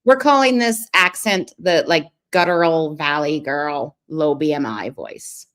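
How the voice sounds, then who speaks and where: A woman's voice: low voice, a little slow, a bit bright. A woman hosting a reaction video, giving sarcastic commentary over a clip with mocking, dry asides.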